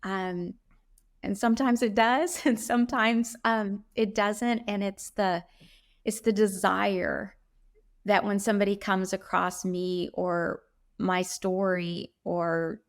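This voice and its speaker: A middle-aged woman answers interview questions about her faith in an earnest, heartfelt way. She speaks at a moderate, ordinary pitch and often stops to gather her thoughts with a soft "um". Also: fairly even intonation. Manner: earnest, heartfelt, with frequent "um" pauses.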